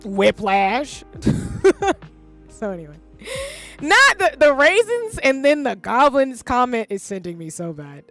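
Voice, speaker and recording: A woman's voice: high voice, very animated, moderate pace, fairly bright tone, soft background music. Rambling candid woman in her thirties. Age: 30s. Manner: rambling, candid, swears freely. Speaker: livestreamer. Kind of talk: casual stream chat.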